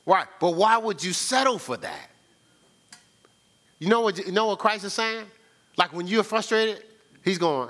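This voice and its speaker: Animated man preaching a sermon. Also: unhurried, long pauses. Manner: preaching with sudden rises and drops in pitch, call-and-response "right?"; repeats words when starting phrases. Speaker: pastor.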